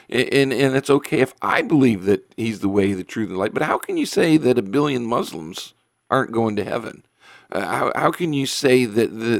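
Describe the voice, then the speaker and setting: Male radio pastor, low and gravelly, dry studio sound, earnest and emphatic with filler words. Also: no echo. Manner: earnest, emphatic, with many ums and restarts. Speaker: pastor and radio show host. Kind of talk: radio talk show preaching.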